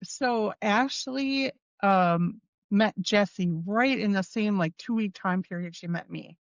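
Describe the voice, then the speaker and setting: A woman talking in a casual, heartfelt way as a podcast guest, earnest and full of little fillers. Her voice is of middle pitch and sounds a bit dull and lo-fi. The room is dry. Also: takes it slowly, gravelly, no room sound. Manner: earnest, fillers like "you know what I mean".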